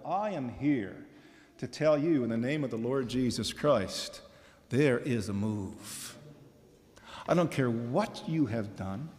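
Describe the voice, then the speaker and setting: A man's voice: medium pitch, expressive, unhurried, a little mellow. A male pastor preaching an impassioned sermon, pressing the congregation with rhetorical questions and repeated phrases. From Michigan, USA. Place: church sanctuary. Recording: reverberant church hall.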